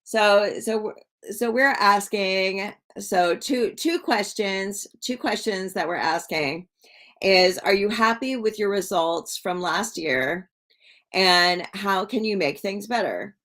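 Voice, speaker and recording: A woman's voice: mid-range voice, slow, fairly bright tone. A woman hosting a casual livestream, talking to viewers in a rambling way with many fillers and repeated words. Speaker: livestream host.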